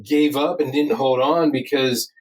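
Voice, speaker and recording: A man's voice: medium pitch, steady tone, measured pace, far from the mic, rough recording. A man co-hosting a podcast, mostly chiming in with short agreements and the odd dry joke. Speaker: podcast co-host. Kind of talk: casual film review chat.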